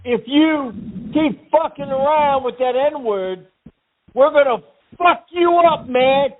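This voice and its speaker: A man's voice: very high voice, a little slow. A prank caller voicing an aggressive, hot-tempered tough guy making repeated threats. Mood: furious. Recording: tinny phone line.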